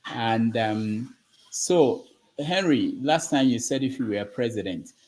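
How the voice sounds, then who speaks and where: A man hosting and moderating a panel discussion, brisk and steering the talk. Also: medium pitch, lively intonation, a little mellow, poor audio. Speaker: host.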